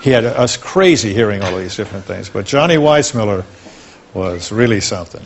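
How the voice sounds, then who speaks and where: An older man, a talk show guest, reminiscing fondly and at an unhurried pace about his past. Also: on the low side, lively intonation, a little hiss or hum.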